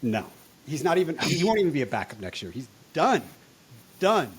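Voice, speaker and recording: A young man hosting a casual fantasy football podcast, loud, excitable and profane. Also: fairly high pitch, fast talker, husky. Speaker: podcast host.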